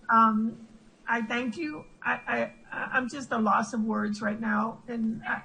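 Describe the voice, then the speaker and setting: Woman, retiring attorney, raspy voice, higher pitch, emotional and halting. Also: a bit bright, low-quality recording. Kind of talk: thank-you speech. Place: remote call into meeting.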